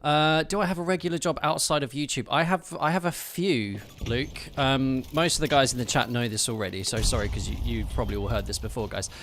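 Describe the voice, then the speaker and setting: Talking briskly with few pauses, this streamer has a medium-pitched, fairly bright voice. His streaming mic picks up slight background noise as he comments on live gameplay and teases and thanks his viewers in a loose, chatty style.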